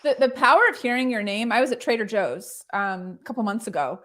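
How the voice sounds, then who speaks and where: Host, female, slightly high voice, bubbly and chatty, lots of "like". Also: lively intonation, a little fast, fairly bright tone. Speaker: show host. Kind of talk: casual livestream chat.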